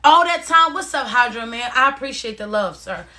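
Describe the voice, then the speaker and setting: A woman with a voice on the high side talks at a moderate pace and sounds animated while running a motivational live stream. She reads viewer comments, speaks directly to people to encourage them, and keeps coming back to the same phrases in a warm, casual manner.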